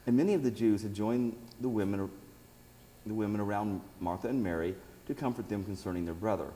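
Man, Bible reading with asides, low voice, mellow tone, long reverb, faint background hum. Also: a little fast. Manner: reads aloud, breaks off for asides. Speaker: Bible teacher. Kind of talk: reading scripture with commentary.

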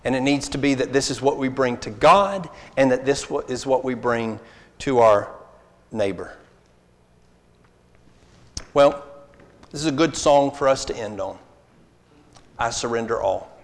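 A man's voice: medium pitch, unhurried, long pauses. A man preaching a sermon, earnest and pleading, acting out apologies to make his point. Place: church hall. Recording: long reverb of a church hall.

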